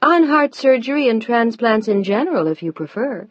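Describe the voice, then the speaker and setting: A woman voicing an eager, curious female TV reporter in an audiobook, brisk and persuasive. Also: fairly high pitch, lively intonation, no room sound, pitched above the performer's own voice. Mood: earnest. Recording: dull dry audiobook recording.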